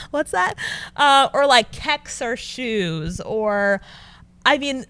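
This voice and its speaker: A young adult woman, a news anchor, chatting as a guest and telling animated stories with frequent laughter. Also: fairly high pitch, extremely slow, clear, resonant tone, dry recording. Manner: animated storyteller, laughs often. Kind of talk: casual interview chat.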